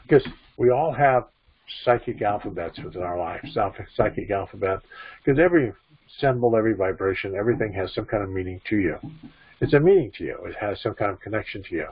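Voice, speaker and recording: Low husky guy giving a spiritual talk, keeps asking the crowd questions, muffled recording. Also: expressive, fairly quick. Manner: repeats phrases, asks the listener questions. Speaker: spiritual teacher. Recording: dull lo-fi recording.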